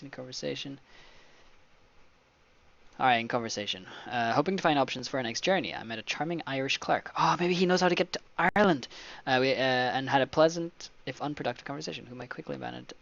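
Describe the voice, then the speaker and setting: A man's voice: mid-range voice, creaky. Man reading a game aloud, slightly muffled mic. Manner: reads story passages then breaks off into joking, excitable asides. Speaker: let's play host. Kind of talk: casual gameplay commentary, reading game text aloud.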